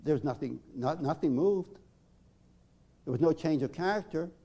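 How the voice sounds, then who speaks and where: A male psychotherapist lecturing on group therapy in a measured, emphatic way with dramatic pauses. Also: a little high, warm tone.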